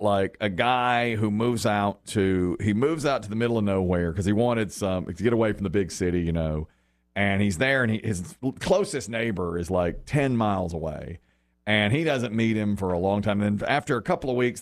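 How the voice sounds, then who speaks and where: Animated male radio co-host. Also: fairly low pitch. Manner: rambling joke-telling with lots of restarts. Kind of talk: casual morning show banter.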